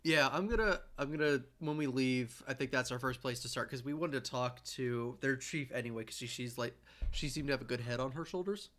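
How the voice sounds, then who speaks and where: A man's voice: medium pitch, fairly quick, a bit bright. A man playing in a tabletop game over a call, casually summing up the group's plans. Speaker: player.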